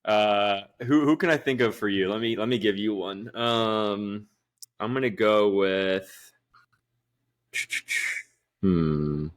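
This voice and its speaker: Young male co-host, low and unhurried, with a dry sense of humor. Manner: slow, laid-back delivery with dry jokes. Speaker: podcast co-host. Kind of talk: casual sports chat.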